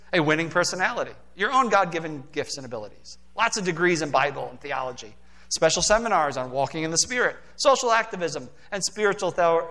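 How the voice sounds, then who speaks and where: A man, the church's pastor, preaching a casual, animated sermon in a church and acting out quoted voices along the way. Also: high voice. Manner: animated, acts out quoted voices, conversational asides. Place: church sanctuary.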